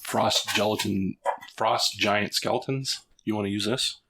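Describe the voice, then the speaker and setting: A man playing a tabletop game, thinking aloud in halting bursts. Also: fairly low pitch, steady tone, background noise. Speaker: player.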